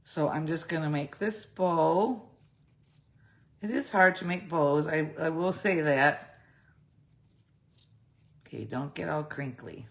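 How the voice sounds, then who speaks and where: A woman's voice: low voice, slow, long pauses. A middle-aged woman talking through a craft project step by step, chatty, thinking aloud and correcting herself, with a slightly phlegmy throat. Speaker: craft demonstrator. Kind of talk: casual step-by-step craft tutorial.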